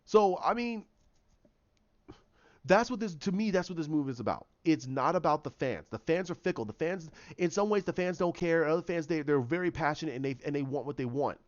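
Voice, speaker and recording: A man with a fairly high voice delivers a heated solo rant, hammering his points through repetition and restarts. The recording is slightly dull and lo-fi. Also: lively intonation, a little fast. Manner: impassioned and repetitive, restarting phrases. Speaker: YouTube commentator.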